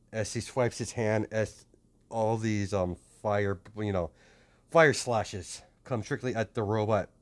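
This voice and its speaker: A man improvising a fan story narration, rambling and hesitant with many restarts. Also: fairly low pitch.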